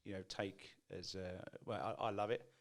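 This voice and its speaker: A man's voice: low-pitched, fairly even intonation, normal speed. A man hosting a casual podcast, asking long, rambling questions in a friendly way. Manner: friendly, rambling questions, calls guest mate. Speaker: podcast host.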